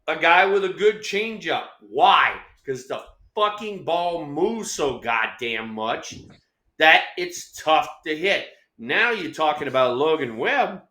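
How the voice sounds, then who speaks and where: A middle-aged man co-hosting a baseball talk show, telling profane, animated stories and acting out quotes. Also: on the high side, echoey room. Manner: animated, swears freely, acts out quotes. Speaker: co-host, former ballplayer.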